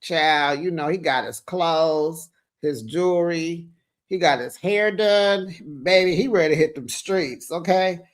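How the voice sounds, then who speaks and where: Sassy woman recapping reality TV, low voice. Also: unhurried. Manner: sassy, slangy, talks straight to viewers. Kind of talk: casual reality TV recap commentary.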